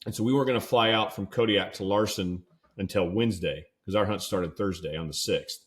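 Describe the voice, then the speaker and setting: A man's voice: deep voice, fairly quick. A young man from California, co-hosting a podcast, telling a rambling casual story full of "like" and "dude". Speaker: podcast co-host.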